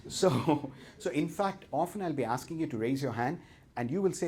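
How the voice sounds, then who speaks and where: A man's voice: a little high, expressive, normal speed, a little mellow, slightly rough. A man with an Indian accent, a professor giving a talk to an audience and telling a story with playful, teasing humor.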